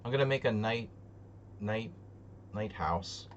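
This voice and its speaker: Man, chess streamer, fairly low voice, joking, self-muttering, slightly muffled mic, faint hiss. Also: unhurried. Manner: joking, muttering to himself, thinking aloud. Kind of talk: live commentary while playing online chess. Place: home streaming setup.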